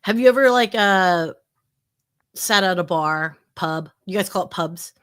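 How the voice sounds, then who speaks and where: A woman guest on a casual live stream chats playfully with a tech show host about tech and movies, laughing easily. Her voice is lowish and fairly bright with a clean tone, and she speaks at a measured pace.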